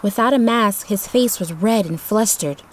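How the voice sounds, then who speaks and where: A woman reading a storybook chapter in a steady, expressive narration. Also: mid-range voice, normal speed. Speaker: audiobook narrator.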